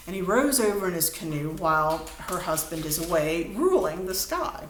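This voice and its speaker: A woman's voice: fairly low pitch, big pitch swings, brisk, few pauses. Woman teacher rambling thru a lecture, lots of ums, echoey room, little hiss. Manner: chatty storytelling, frequent fillers. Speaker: instructor. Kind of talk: recorded lecture. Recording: roomy room, faint background noise.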